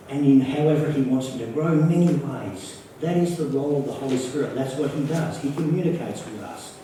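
A man's voice: medium pitch, warm tone, a little hiss or hum. A man with an Australian accent preaching a sermon, earnest and repeating key phrases for emphasis. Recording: echoey, from far off the mic.

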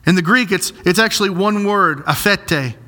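Bright, high-voiced man preaching earnestly. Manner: earnest, emphatic preaching with slow, stressed repetitions. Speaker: pastor. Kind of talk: sermon.

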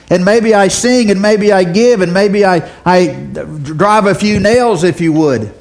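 A man teaching a Bible lesson, telling a folksy story and often repeating words as he talks. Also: high-pitched. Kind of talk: sermon.

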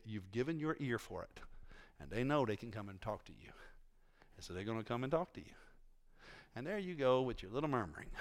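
A male preacher giving a conversational sermon in a church, teasing his congregation and asking them questions. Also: lowish voice.

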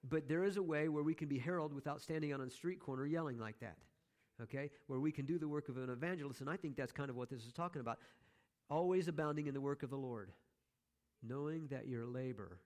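A man's voice: fairly high pitch, fast, darkish tone. Male pastor, sermon, chatty, wry asides to the church. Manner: conversational, joking asides to the congregation.

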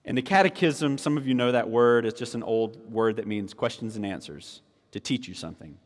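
A man preaching a sermon as pastor, moving between hushed teaching and rising, fervent proclamation. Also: mid-range voice, fairly quick, long reverb tail.

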